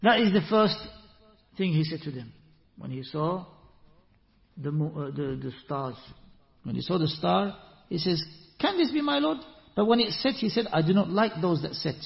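A man giving an Islamic lesson, explaining verses and reciting Quran passages, animated, with rising rhetorical questions. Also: on the high side, moderate pace, vocal fry, long pauses. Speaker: Islamic teacher. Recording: echoey hall, muffled lo-fi sound.

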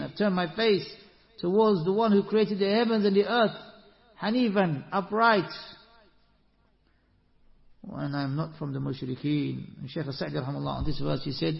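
A man giving an Islamic lesson, explaining verses and reciting Quran passages, animated, with rising rhetorical questions. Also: on the high side, vocal fry. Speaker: Islamic teacher. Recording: echoey hall, muffled lo-fi sound.

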